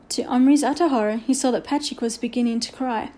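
Storybook narrator, woman, mellow tone, slightly high voice. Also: quick pace.

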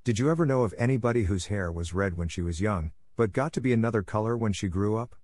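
A man's voice: fairly low pitch, fast, darkish tone, no echo, close to an everyday voice. A man reading the part of an eager, dreamy eleven-year-old orphan girl in an audiobook, in a gushing way.

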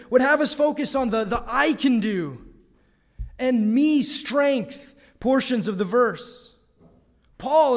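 A man's voice: very high-pitched, long reverb tail. A man preaching a sermon, emphatic, asking rhetorical questions and dropping his voice for stress. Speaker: pastor.

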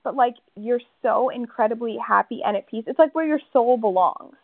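A woman's voice: a little high, moderate pace, dry recording. A woman interviewing a guest in a casual chat, asking curious, playful questions. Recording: dry phone-like audio.

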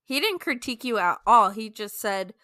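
Bright giggly woman podcaster. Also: on the high side, expressive, moderate pace, no echo, clean studio sound. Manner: giggly, amused, breaks into laughs. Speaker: podcast co-host. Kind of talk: casual chat, reading a listener letter.

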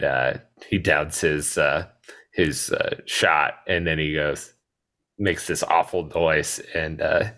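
A man co-hosting a podcast, chatting casually about a movie and pausing often on filler words. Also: low voice, fairly bright tone. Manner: hesitant, many filler words. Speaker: podcast co-host.

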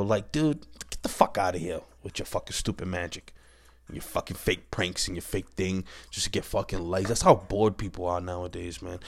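A man ranting casually to camera, blunt and heated, full of restarts, cursing and repeated "man" and "bro". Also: deep voice. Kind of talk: profane casual rant.

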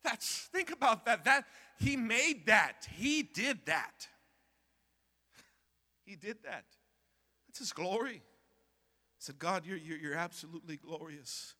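A man's voice: high voice, animated, takes it slowly, long pauses, bright, forceful tone, long reverb tail. A man preaching a sermon as pastor in a church sanctuary, impassioned and repetitive, calling out to the congregation.

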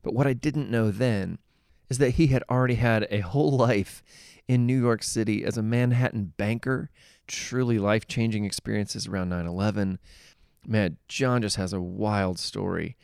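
A man's voice: lowish voice, fairly even intonation, moderate pace, gravelly, clear, resonant tone, dry recording. Chatty podcast host man, dry studio. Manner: warm, chatty, filler words. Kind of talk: scripted podcast intro and casual interview. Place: recording studio.

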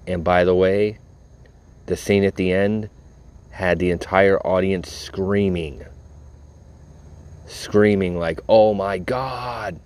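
A tired man rambling casually to his audience, laid-back and full of profanity. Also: low voice. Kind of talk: casual rambling talk to camera.

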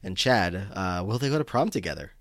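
A man's voice: deep voice, lively intonation, a little fast, a bit bright, dry recording, studio quality. A man co-hosting a podcast, casually recapping a film with lots of fillers. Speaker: podcast co-host.

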